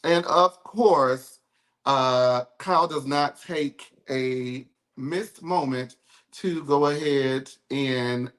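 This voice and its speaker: A man's voice: mid-range voice, extremely slow, a bit bright. A man hosting a live reality TV review show, chatting casually in a sassy, campy way. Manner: sassy, campy, calls people girl and baby. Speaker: podcast host. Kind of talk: casual reality TV recap chat.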